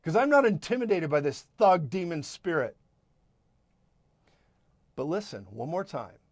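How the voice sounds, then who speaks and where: A man preaching fervently on a live broadcast, emphatic, repeating lines and adding quick asides. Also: on the high side, very animated, no echo. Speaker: prophetic minister and broadcast host.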